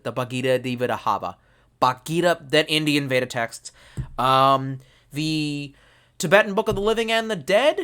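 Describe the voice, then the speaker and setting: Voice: mid-range voice, fairly bright tone. A tipsy livestream host rambling casually from a desk at home, loose and heavy on swearing. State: tipsy from drinking. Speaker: livestream host reading chat. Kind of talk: casual rambling live chat.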